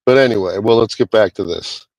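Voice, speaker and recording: A man's voice: lowish voice, a little fast, darkish tone, no echo, low-quality recording. A man reviewing a movie in a casual, rambling way, swearing often and restarting his sentences. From Hispanic American. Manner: rambling, profane, many restarts.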